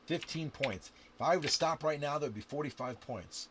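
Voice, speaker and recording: A man playing a dice game on camera, counting scores aloud and chatting to the viewer with sudden loud outbursts. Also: a little high, moderate pace, husky. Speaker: game instructor. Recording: steady background noise with clicks and typing.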